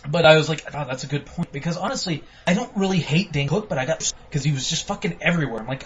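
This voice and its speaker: A man with a fairly high voice chats casually on a podcast, joking, swearing and mimicking people in silly voices. The audio is dull and lo-fi. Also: animated, fast talker, hardly any pauses, slight background noise. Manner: profane, joking, acts out quotes in mock voices. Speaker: podcast co-host. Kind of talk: casual chat.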